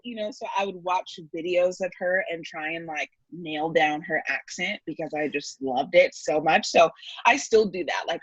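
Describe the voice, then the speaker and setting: A woman from Oakland, a poet guest, telling stories in a bubbly, quick way full of "like". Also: on the low side, a bit bright, no room sound, low-quality recording. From Oakland, California. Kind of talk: casual interview chat.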